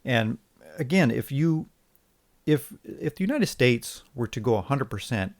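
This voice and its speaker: A man co-hosting a podcast in casual opinion chat, sarcastic and halting with restarts. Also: mid-range voice, animated. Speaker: podcast co-host.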